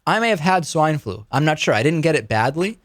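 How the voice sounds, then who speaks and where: A man's voice: fairly high pitch, sing-song, brisk, fairly bright tone, no echo, clean studio sound. A man hosting a political talk show, reading news items and chatting with a co-host, often stammering and restarting.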